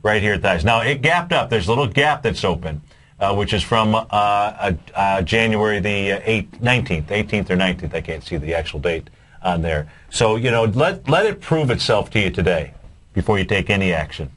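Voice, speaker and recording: Lower-pitched male co-host, explanatory, hesitant casual delivery. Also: expressive, fairly bright tone. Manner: explanatory, halting with many uhs. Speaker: co-host of a market show. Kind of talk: casual trading advice.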